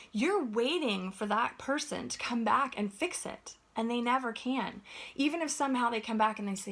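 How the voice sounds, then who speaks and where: A woman's voice: fairly high pitch, animated, normal speed, a bit bright. A woman giving an earnest, conversational motivational talk as a life coach, often checking in with "right?".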